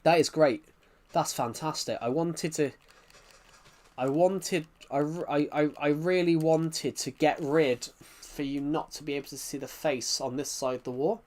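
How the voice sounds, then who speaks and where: A man with a thick regional accent, chatting on a live game stream in a rambling, halting way with many restarts. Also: fairly high pitch, a little mellow. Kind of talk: live-stream chat while gaming.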